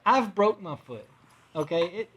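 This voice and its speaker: Guy on his podcast rambling thru a work story, swears a lot, kinda high voice. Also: animated, a little slow, fairly bright tone, a little hiss or hum. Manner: rambling, profane, restarts often. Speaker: podcast host. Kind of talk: casual storytelling chat.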